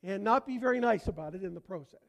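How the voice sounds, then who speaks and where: An older pastor with a Canadian accent delivers a sermon, his voice sitting high for a man. He talks conversationally, slipping in jokes and inviting the congregation to answer back. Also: lively intonation, quick pace, gravelly. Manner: conversational, joking, asks congregation to respond. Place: church before a congregation.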